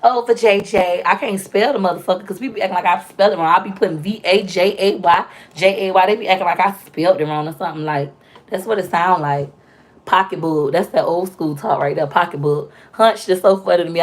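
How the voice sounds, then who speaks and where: A young woman chatting loudly and talkatively with viewers on a casual live stream, telling stories with playful, animated quoted voices. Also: lowish voice, quick pace. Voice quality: loud, talkative. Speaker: livestream host.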